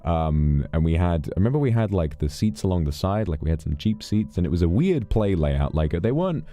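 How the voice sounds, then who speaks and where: A man's voice: low-pitched, sing-song, fairly quick, dark tone. A British man chatting casually on a stream, rambling and swearing freely as he tells stories.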